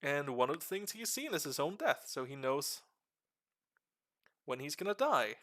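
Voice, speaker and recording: A man streaming live and explaining game lore to a friend in a casual, animated way with casual swearing. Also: a little high, moderate pace.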